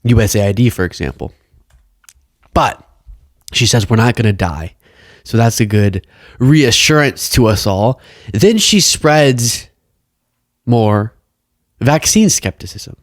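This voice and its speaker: Lively sarcastic male commentator. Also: medium pitch, slow, pauses often, dry recording, studio quality. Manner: sarcastic, laughs often. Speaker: political commentary host. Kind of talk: casual political commentary.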